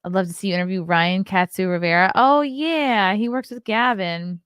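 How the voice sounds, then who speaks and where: A woman's voice: medium pitch, normal speed, a bit bright, clean tone, no room sound, clean studio sound. A woman in her thirties, a comedian hosting a casual livestream show, who reads viewer comments aloud and chats back. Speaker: podcast host and comedian.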